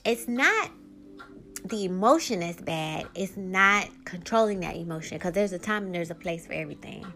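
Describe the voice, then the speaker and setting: Animated woman podcaster with a drawl. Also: on the low side, moderate pace, a little hiss or hum. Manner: animated, rising to heated venting. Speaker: podcast host. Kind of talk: casual monologue podcast.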